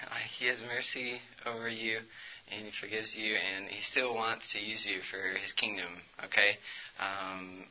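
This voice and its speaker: Young dude rambling through a story to a student group, mid-pitched voice, a bit muffled. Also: male voice. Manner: chatty, filler-heavy, animated storytelling. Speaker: speaker at a student ministry talk. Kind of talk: casual talk to students.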